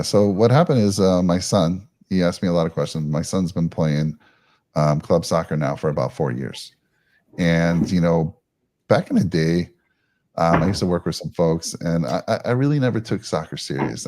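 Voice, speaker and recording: A man's voice: sits low, expressive, brisk, a little mellow. A man hosting a casual live show, talking in a rambling, friendly way with lots of fillers and restarts. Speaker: podcast host.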